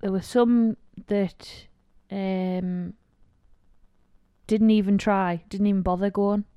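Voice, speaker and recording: A woman's voice: mid-range voice, steady tone, takes it slowly, dark tone, smooth, no room sound. A woman from northeast England with a northeast English accent, co-hosting a podcast in casual chat, dry and teasing. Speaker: podcast co-host.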